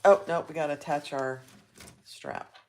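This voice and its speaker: Low-pitched and at normal speed, a woman runs a live sewing tutorial with background noise behind her. She chats away with viewers, reads their comments aloud, and reacts out loud while working.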